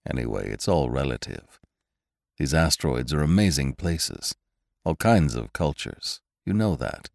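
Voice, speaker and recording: A man's voice: rumbling low, lively intonation, a little slow, creaky, dry recording, studio quality, pitched below the performer's own voice, exaggerated voice. A man voicing a weary, irritable male space traveler who snaps when pushed. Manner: tired and short-tempered, shouting in a crisis.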